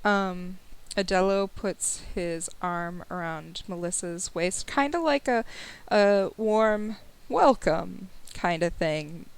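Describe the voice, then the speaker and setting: A woman narrating a tabletop game as game master, describing scenes slowly with many pauses. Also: lowish voice, creaky, clear, resonant tone. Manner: slow, descriptive, with fillers.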